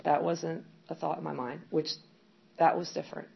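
A woman's voice: low voice, fairly even intonation, moderate pace, gravelly, breathy edge. A middle-aged woman candidly telling her recovery story as personal testimony, rambling with many fillers. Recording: dull lo-fi sound with faint background noise.

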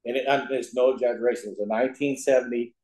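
A middle-aged man from the Ozark Mountains, USA, tells his recovery story to a group at a recovery meeting, joking and laughing at his own lines. His mid-range voice is a little mellow, with fairly even intonation and a racing pace, captured in an echoey meeting room.

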